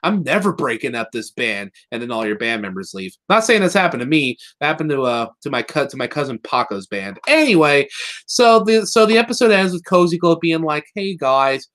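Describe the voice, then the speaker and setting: A man co-hosting a podcast, excitedly retelling a cartoon episode in casual chat, rambling and swearing and slipping into quick voices for the characters. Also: a little high.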